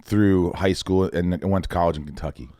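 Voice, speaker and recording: A man in his forties, an actor raised in Indiana in the US Midwest, is a podcast guest telling show-business stories in a casual chat. His voice sits low and runs a little fast, in a dry, studio-quality recording, and he animatedly acts out other people's lines.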